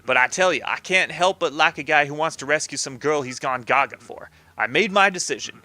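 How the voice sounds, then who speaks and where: Tough-talking video game mob boss, New York Italian put-on accent, bright and pushy, voiced by a man. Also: fairly high pitch, a little fast. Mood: gruff. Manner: tough-talking, blunt threats. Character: gruff male mob boss, bossy and menacing. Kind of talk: reading game dialogue aloud in voices.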